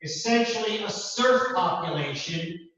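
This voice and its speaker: A man giving a classroom lecture with a measured, deliberate delivery and emphatic repeats. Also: high voice, expressive, a bit bright. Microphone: distant room mic, also streamed to Zoom. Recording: distant, echoey, dull hall recording.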